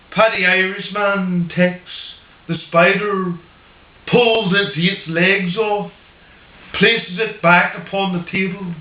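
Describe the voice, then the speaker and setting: Slow-talking joke teller, higher voice. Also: male voice, fairly even intonation, roomy sound, dull audio. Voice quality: slow, drawn-out delivery. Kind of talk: slow, deliberate joke telling.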